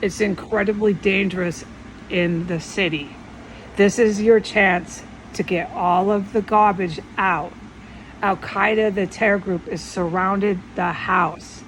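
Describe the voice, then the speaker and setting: A woman imitating a calm, stern male voice that gives slow, measured commands. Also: medium pitch, slight background noise, natural voice, low-quality recording.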